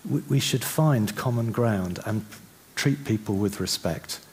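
A man preaching a sermon, chatty and full of restarts, then slowing to soft, reflective passages. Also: on the low side, slightly rough.

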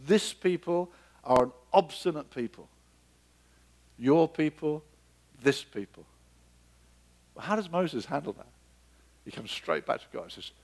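A man preaching a sermon, acting out biblical dialogue with sudden leaps in pitch and dropping to a soft, low murmur for emphasis. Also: lively intonation, normal speed.

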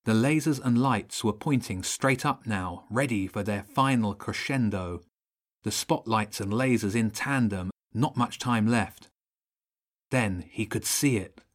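A man reading a children's audiobook in steady, measured narration. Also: fairly low pitch.

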